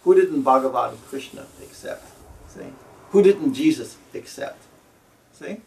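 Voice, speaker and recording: A man, a spiritual teacher, speaking slowly and deliberately, repeating himself and tagging his phrases with "See?" and "you know.". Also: mid-range voice, animated, gravelly. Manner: slow, deliberate and repetitive. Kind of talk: spiritual talk. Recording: voice from a distance to the mic.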